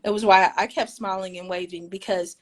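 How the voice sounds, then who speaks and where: A woman with a medium-pitched, fairly even voice talks fairly quickly as a podcast co-host, walking while on a call. Her candid, casual talk is earnest and reflective, and she often restarts words.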